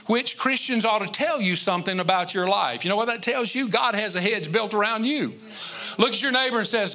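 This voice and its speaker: High, bright-voiced folksy preacher. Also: male voice, fairly quick. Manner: folksy, joking with the congregation; emphatic, repetitive. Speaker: pastor. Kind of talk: conversational sermon.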